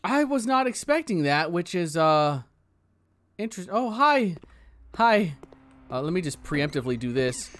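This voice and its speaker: A man giving jokey, animated commentary while playing a horror game. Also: sits high, unhurried, slight background noise. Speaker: gaming video creator. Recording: loud game music behind voice.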